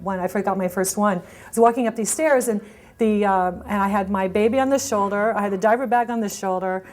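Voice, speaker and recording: A middle-aged woman telling a personal story at a networking event, animated and full of restarts, acting out quoted lines. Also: mid-range voice.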